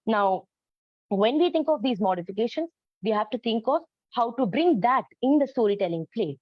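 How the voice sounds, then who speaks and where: A woman with a slightly high, animated voice gives an educational talk at a moderate pace about storytelling for autistic children. She explains earnestly, filling gaps with frequent ums and uhs. The recording is dull, lo-fi and dry with no echo.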